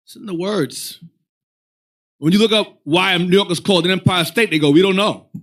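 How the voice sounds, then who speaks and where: High, bright-voiced man directing a reading. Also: normal speed. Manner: animated, rambling, directs the reader. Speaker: religious class teacher. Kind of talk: casual teaching talk.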